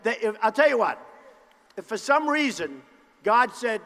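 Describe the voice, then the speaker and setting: A man giving a campaign rally speech, boastful and repetitive, with punchy phrases and bursts of shouting. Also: high voice, animated, moderate pace. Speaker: political candidate at a campaign rally. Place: large indoor rally venue. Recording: long reverb of a large hall.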